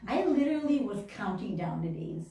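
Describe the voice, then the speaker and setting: A woman telling childhood stories during a sermon, animated and laughing often, acting out little voices along the way. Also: mid-range voice, a little fast. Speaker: minister. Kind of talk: storytelling sermon. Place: church hall. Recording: very echoey room, mic at a distance.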